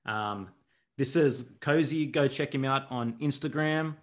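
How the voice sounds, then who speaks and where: A man's voice: medium pitch, a little slow. A man co-hosting a podcast, speaking hesitantly with many fillers. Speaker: podcast co-host. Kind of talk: casual podcast sign-off.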